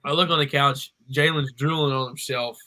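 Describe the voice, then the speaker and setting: A young man, co-hosting a podcast and telling a story in a lively, animated way. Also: mid-range voice, normal speed, low-quality recording. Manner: animated storyteller, acts out quoted voices. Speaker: podcast co-host. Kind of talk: casual storytelling chat.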